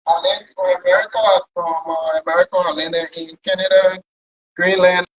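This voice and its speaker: A man with a high, husky voice tells his travel story in a loose, conversational way, circling back and repeating himself as he goes. The recording is dull and lo-fi, as if heard through a cheap mic. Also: flat delivery, moderate pace. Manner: rambling, repeats words while recounting. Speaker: pilot guest.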